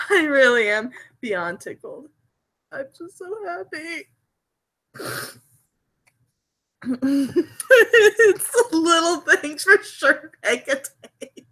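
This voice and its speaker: A woman hosting a casual live stream from home, giddy, laughing often and repeating herself excitedly. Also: high voice. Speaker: livestream host.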